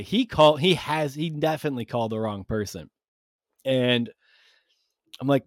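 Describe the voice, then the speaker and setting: A man's voice: mid-range voice, fairly even intonation, normal speed, long pauses, no echo, studio quality. A male podcast host telling a casual, rambling story with plenty of swearing and self-mocking jokes.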